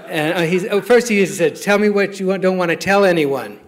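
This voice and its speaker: A man's voice: high voice, fairly quick. A middle-aged man telling a wry personal recovery story, self-mocking and often laughing as he speaks. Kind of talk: personal testimony talk.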